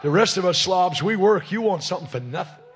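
A man preaching a fiery revival sermon at a crusade meeting, shouting, punchy and joking with the congregation. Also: sits high, animated, fairly quick, some chatter behind.

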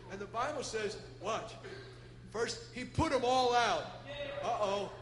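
A man preaching a Pentecostal sermon in a folksy way, swinging between loud shouting and soft asides. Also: high-pitched, a little slow. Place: church. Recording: echoey church hall with ambience.

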